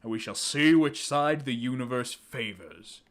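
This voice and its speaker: A man voicing a calm, grandiose king villain who wants the world frozen, speaking slowly and solemnly, with game music behind. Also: mid-range voice, lightly acted. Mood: menacing. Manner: slow, solemn, drawn-out delivery.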